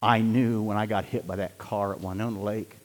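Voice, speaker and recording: A man preaching a sermon, swinging between loud exhortation and hushed, near-whispered passages. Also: lowish voice, fairly even intonation, brisk. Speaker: pastor. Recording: long hall reverb.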